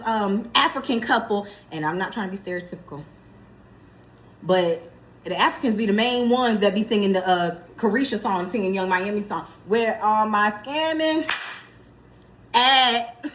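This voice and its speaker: Animated high-voiced woman telling a story. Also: a little hiss or hum. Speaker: vlogger. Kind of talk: casual storytime.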